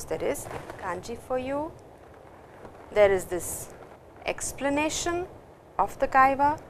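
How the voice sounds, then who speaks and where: A woman's voice: fairly high pitch, a little hiss or hum. An Indian woman teaching a Japanese lesson, explaining grammar step by step and reading example lines aloud. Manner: explains slowly, reads dialogue lines aloud. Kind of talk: recorded language lesson.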